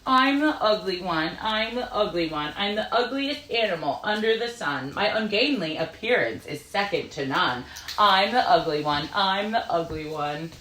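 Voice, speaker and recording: A jolly wildebeest chants her little ugly song with real pride, as a woman reads her aloud. The voice sings up and down in a lively way, and the room around it rings with echo. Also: mid-range voice, moderate pace, recorded from a distance. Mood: proud. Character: cheerful female wildebeest singing about ugliness. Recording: roomy echo.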